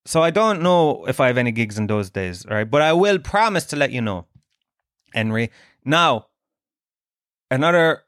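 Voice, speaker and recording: Crude joking Irish podcast comedian. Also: male voice, medium pitch, big pitch swings, moderate pace, long pauses, fairly bright tone, dry recording, clean studio sound. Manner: crude, swearing, joking banter. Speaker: stand-up comedian and podcast host. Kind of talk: casual comedic monologue.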